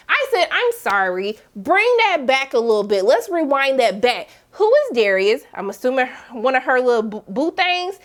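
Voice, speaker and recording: A woman's voice: big pitch swings, moderate pace, hardly any pauses. A woman giving a sassy, dramatic TV episode recap in casual slang, acting out characters' lines. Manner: sassy, dramatic, voices characters with big pitch jumps. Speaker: TV recap vlogger.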